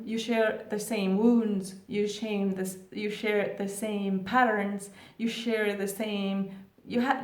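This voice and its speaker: A woman's voice: medium pitch, a little mellow. A woman coaching on twin flames, talking casually to her viewers with many rhetorical questions and "like" fillers. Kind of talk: casual advice talk to camera. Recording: echoey room.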